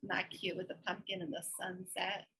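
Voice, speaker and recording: Woman, co-host, casual chat, enthusiastic, bright tone, slightly breathy. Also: lowish voice, completely flat delivery, normal speed, rough recording. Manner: chatty, enthusiastic, laughs often. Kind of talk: casual chat showing stitching patterns.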